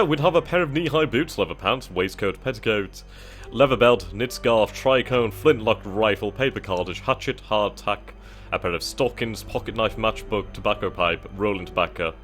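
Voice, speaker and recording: A man with a very low voice talks through a game's setup menus, reading text aloud and thinking as he goes. He hesitates and muses casually as he chooses options. Faint music plays under his voice. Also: moderate pace, fairly bright tone. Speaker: gaming channel host. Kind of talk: casual let's-play commentary.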